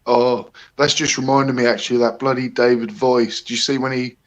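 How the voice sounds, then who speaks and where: A man's voice: medium pitch, level tone, a little fast, lo-fi sound. A man hosting a casual live stream, chatty and a little hesitant, greeting viewers by name. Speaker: livestream host.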